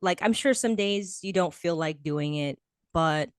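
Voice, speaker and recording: Woman host, gushing and chatty with lots of restarts, lowish voice, dry sound. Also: unhurried, smooth, dry recording. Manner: effusive, repeats praise, many restarts. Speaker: podcast host interviewing a guest. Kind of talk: casual interview chat.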